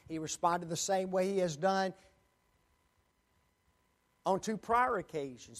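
A man preaching a sermon, dramatic, acting out pleading quotes and addressing the congregation as folks. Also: sits high. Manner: slow, dramatic, acts out quoted pleas.

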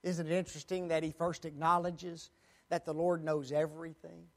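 A man's voice: on the high side, level tone. A man preaching a sermon, dramatic, acting out pleading quotes and addressing the congregation as folks. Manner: slow, dramatic, acts out quoted pleas.

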